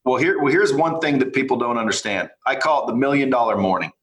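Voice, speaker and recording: A man's voice: medium pitch, quick pace. Blunt, profane man in a roomy space. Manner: blunt, profane, animated storytelling. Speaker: podcast guest, entrepreneur. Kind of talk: casual podcast interview.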